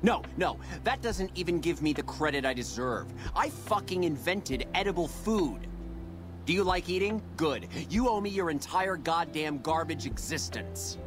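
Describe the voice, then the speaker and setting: An actor playing a foul-mouthed, arrogant male celebrity chef in a game, yelling abuse and profanity. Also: fairly high pitch, lively intonation, moderate pace, close to an everyday voice. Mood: furious boasting. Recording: game audio under background music.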